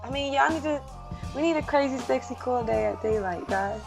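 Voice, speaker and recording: A woman co-hosting a podcast, her voice raspy and strained from yelling, talking hesitantly with many fillers. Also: sits high, fairly quick, over music. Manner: hesitant, lots of fillers, laughs. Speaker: podcast co-host. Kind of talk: casual podcast banter.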